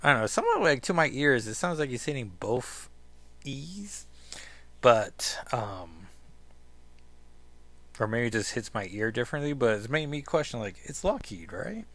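A man hosting a casual comic-book podcast, thinking out loud with fillers and self-corrections. His voice sits in a middle pitch. The recording is dry and close. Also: moderate pace, dry recording. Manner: chatty, self-questioning, with fillers. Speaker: podcast host.

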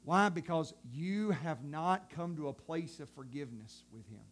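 A man preaching a sermon in a dramatic, colloquial way, swinging from loud outbursts to hushed tones. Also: on the high side, lively intonation, moderate pace. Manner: colloquial, acts out God's voice.

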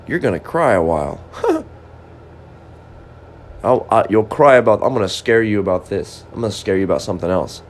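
A man with a low voice that swings widely up and down, thinking aloud in an improvised comic ramble. He talks in stop-start bursts and drifts from scolding to musing, like an amateur comedian working things out on the spot. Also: big pitch swings, moderate pace, long pauses, a little hiss or hum.

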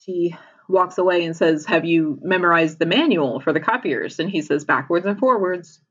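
A woman's voice: lowish voice, normal speed, a bit bright, slightly rough, lo-fi sound. A woman casually retelling a TV episode as a podcast co-host, laughing often as she talks.

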